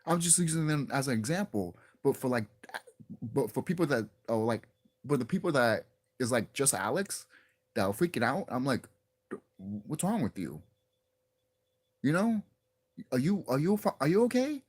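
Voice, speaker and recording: A man's voice: mid-range voice, lively intonation, normal speed, husky. A young man ranting casually to his viewers as a wrestling vlogger, profane and exasperated, often restarting and repeating himself.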